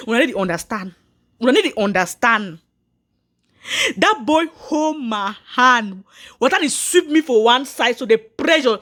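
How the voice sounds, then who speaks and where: A woman's voice: fairly high pitch, fairly bright tone. A woman, telling viewers her own story earnestly, repeating herself and restarting lines. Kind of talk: personal story told to viewers.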